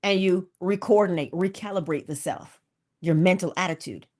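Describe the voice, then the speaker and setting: A woman's voice: on the low side, normal speed, darkish tone. A woman hosting an inspirational morning talk, casual and emphatic, repeating key phrases and laughing between points. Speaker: host.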